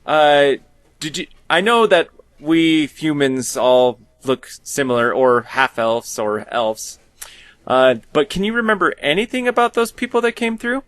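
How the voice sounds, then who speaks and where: A man's voice: on the high side, unhurried, fairly bright tone, no echo. A man playing a character in a tabletop role-playing game, friendly and curious, asking questions. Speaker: player.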